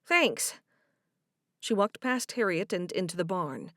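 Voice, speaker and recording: A woman reading a romance audiobook in even, measured scripted narration. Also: on the low side, no echo, studio quality.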